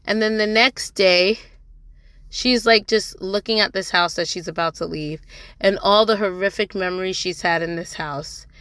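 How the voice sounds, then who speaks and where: A woman's voice: medium pitch, fairly bright tone, smooth, no echo. A young woman giving a casual, chatty recap of a TV drama episode, with sassy asides to the characters. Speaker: TV drama reviewer.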